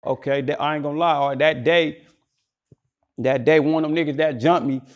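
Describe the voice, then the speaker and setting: A man's voice: fairly high pitch, steady tone, brisk. A young man telling his own story as an interview guest, slangy and rambling, often repeating words.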